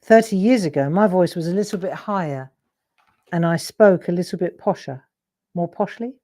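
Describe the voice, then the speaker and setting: Dark in tone and on the low side, this middle-aged woman's voice moves at normal speed. She's a craft demonstrator and host, rambling through casual chat during a live drawing session and frequently interrupting herself.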